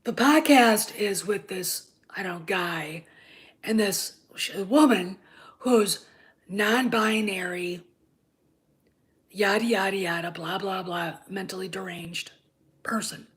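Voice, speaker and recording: Woman, 50s, channel host, angry rant, profane, sarcastic, slips into hushed whispers, emphatic "okay?". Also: medium pitch, slow pace. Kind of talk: ranting commentary.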